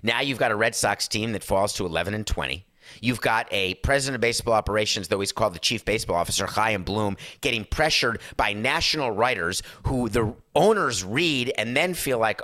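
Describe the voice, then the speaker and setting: A middle-aged man with a hoarse voice, ranting emphatically and sarcastically as a sports talk show host. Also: fairly low pitch, lively intonation, fairly quick, pushed and bright, no echo, studio quality. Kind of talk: impassioned talk-show rant.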